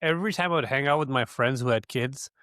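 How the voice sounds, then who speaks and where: A man's voice: mid-range voice, fairly bright tone, no echo, studio quality. Curious male podcast co-host. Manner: curious, quick to question. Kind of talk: casual chat.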